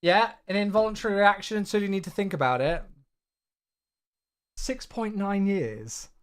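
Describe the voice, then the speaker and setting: A man chatting casually on a flight-sim live stream, excitable and effusive toward his viewers, sounding tired. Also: high voice, normal speed, clean tone.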